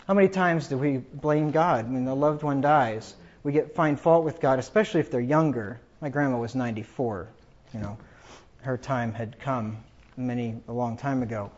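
A man's voice: medium pitch, normal speed, darkish tone, highs cut off. A man preaching a funeral sermon, reading scripture aloud with rising emphasis.

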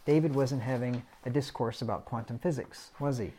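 A middle-aged preacher leads a casual Bible study in a medium-pitched, steady, dark voice at a moderate pace. He reads verses aloud conversationally and chuckles at himself now and then.

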